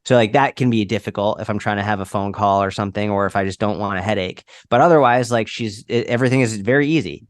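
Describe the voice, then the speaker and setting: Young male podcast guest, low-ish voice, rambling casual delivery, dry close mic. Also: quick pace, few pauses, dry recording. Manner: rambling, many "like" fillers. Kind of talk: casual conversational storytelling.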